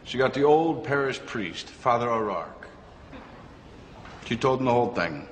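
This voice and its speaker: A male preacher telling a story as part of a sermon, unhurried. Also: medium pitch, in a large hall, a little hiss or hum.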